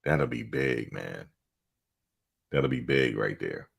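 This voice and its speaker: Speaking at a slow pace, the middle-aged host of a fan live stream has a gravelly bass voice with a breathy edge and lively intonation. He's easygoing and chatty, telling stories and laughing often.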